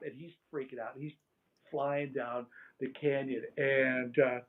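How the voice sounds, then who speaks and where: A man's voice: medium pitch, takes it slowly, pauses often. Older man telling stories over a tinny line. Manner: animated, laughs and imitates sounds. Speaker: interview guest. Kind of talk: casual storytelling.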